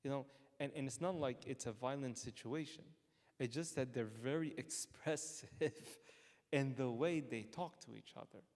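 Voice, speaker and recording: A man's voice: medium pitch, normal speed, darkish tone. Man preaching in a reverberant church. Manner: stammering restarts, chuckles while telling stories. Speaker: priest. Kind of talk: conversational sermon with personal stories. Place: church hall. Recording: long church-hall reverb.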